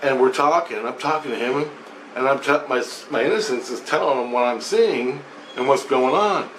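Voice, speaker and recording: A man telling a casual, rambling spoken account, animated and often repeating himself. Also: mid-range voice, normal speed, a little hiss or hum. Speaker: vlogger. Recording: roomy echo, faint ambience.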